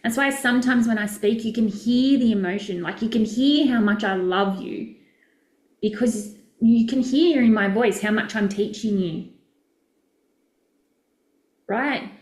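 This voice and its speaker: A woman's voice: on the high side, a little slow, pauses often, darkish tone, roomy sound. A woman, a business coach, chatting casually and effusively with viewers during a live session, rambling and correcting herself as she goes.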